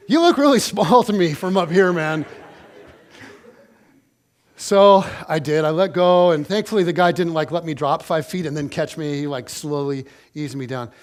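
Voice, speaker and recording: High-voiced man preaching a story sermon. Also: unhurried, pauses often. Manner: animated, conversational storytelling to the congregation. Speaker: pastor.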